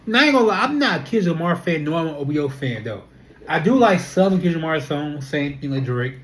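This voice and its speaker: A young adult speaker, chatting straight to camera. The talk is loose and animated, looping through rhetorical questions and repeated fillers. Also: mid-range voice, fast talker, a little hiss or hum. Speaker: vlogger. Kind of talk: casual talking-to-camera monologue.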